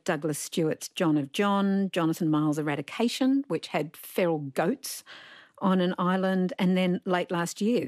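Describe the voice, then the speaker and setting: A woman co-hosts a radio book discussion, articulate with a wry, enthusiastic edge. Her voice is very low and husky, and the studio sound is dry. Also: a little mellow, no echo. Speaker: radio co-host.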